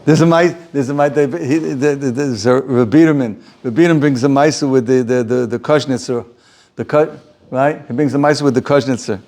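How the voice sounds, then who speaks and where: A man teaching an informal Torah class as a rabbi, animated, often repeating words and restarting sentences. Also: mid-range voice, fairly quick.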